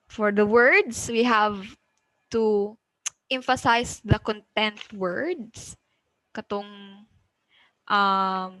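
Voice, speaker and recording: Slow, bright-voiced Filipino woman teacher. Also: mid-range voice, no room sound, low-quality recording. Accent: Filipino, Cebuano. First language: Cebuano. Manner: switches between English and Cebuano, checks in with "okay?"; slows and stresses words to demonstrate. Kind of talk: English pronunciation lesson.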